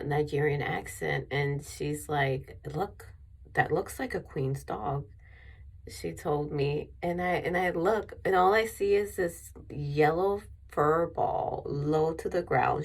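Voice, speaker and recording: Low, husky, gravelly-voiced woman storyteller. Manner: rambling, with many restarts and fillers. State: emotional, near tears. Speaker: vlogger. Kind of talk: personal storytelling.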